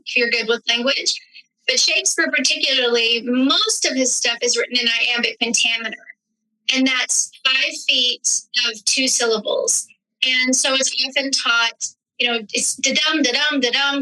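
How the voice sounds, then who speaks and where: Woman guest on a studio podcast, high, very bright tone, reflective storyteller. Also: fairly even intonation, moderate pace, low-quality recording. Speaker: actress, writer and director guest. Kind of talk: podcast interview.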